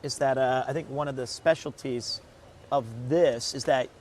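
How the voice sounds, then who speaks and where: A man's voice: mid-range voice, steady tone, normal speed, darkish tone, a little hiss or hum. A man hosting a casual travel stream, chatty and upbeat, talking to his viewers. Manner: chatty, upbeat, reads aloud to chat. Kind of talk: casual travel vlog chat.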